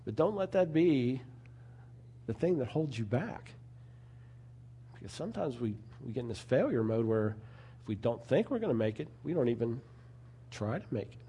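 Male preacher, conversational sermon delivery, earnest, mid pitch, relaxed dark timbre. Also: moderate pace, pauses often, a little hiss or hum. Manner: conversational, earnest, with asides like "you know".

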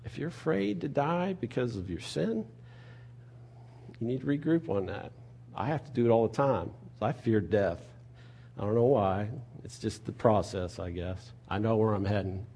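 Husky-voiced man preaching with rhetorical questions. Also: fairly low pitch, expressive, normal speed. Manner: conversational preaching, rhetorical questions, swings between soft and loud. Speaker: pastor. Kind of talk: sermon.

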